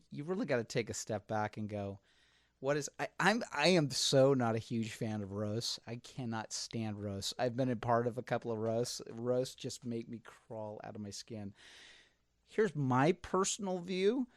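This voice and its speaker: An animated man hosting a podcast, telling stories and slipping into the voices of people he quotes. His voice sits in a middle pitch, and the recording is close and dry with no room sound. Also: unhurried, no room sound. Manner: animated storyteller, acts out quotes. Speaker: podcast host. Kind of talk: casual chat.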